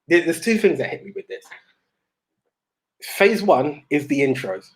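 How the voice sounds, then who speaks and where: A young man co-hosting a podcast, telling stories in a rambling, animated way with many restarts. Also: a little high, unhurried. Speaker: podcast co-host. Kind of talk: casual chat.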